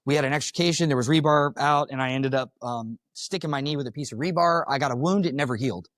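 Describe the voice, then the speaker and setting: A man's voice: mid-range voice, fast, fairly bright tone, no room sound. A man from Florida, a firefighter, telling his own story to a live audience in a blunt, casual, profane way. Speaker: firefighter giving a talk. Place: conference room.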